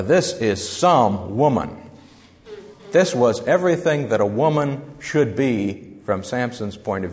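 A man at an ordinary middle pitch teaches a Bible lesson, walking listeners through slides in a plain, explanatory manner. His voice carries a long reverb, as if recorded in a large hall. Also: darkish tone.

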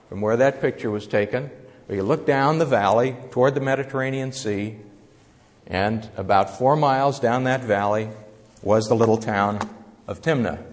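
A man giving a Bible lesson with slides, explaining in a conversational teaching manner. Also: medium pitch. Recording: echoey hall with long reverb.

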